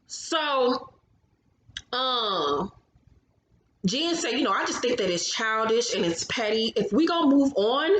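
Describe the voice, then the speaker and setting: A woman with a fairly high voice recaps a reality show in a loose, casual chat. She is blunt and sassy and swears constantly. The room sounds echoey, with a faint hum in the background. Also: fairly bright tone. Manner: blunt, sassy, heavy cursing, mimics cast members.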